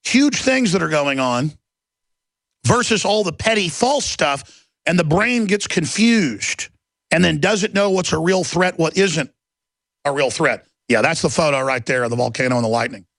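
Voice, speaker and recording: A man's voice: fairly high pitch, expressive, moderate pace, fairly bright tone, dry recording. A man hosting a talk radio show, delivering an intense, rambling monologue with emphatic outbursts. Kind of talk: ranting monologue. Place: radio studio.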